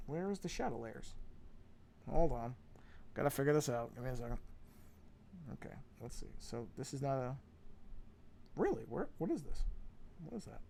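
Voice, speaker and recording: A man's voice: medium pitch, vocal fry, dark tone, slight background noise. A man chatting casually while drawing on a live stream, rambling and self-deprecating as he talks himself through his work on a podcasting microphone.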